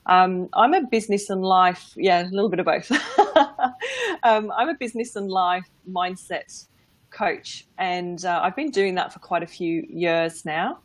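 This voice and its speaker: A woman's voice: lowish voice, a little slow, no room sound. A middle-aged woman with an English accent, chatting casually as a guest about her work as a mindset coach, with a lot of ums and easy laughs. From England. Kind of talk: casual chat on a live stream.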